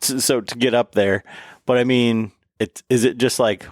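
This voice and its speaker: A man's voice: medium pitch, moderate pace, no echo. Chatty male podcast host, dry close sound. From Michigan. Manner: animated storyteller, acts out other people's lines. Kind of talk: casual hunting chat.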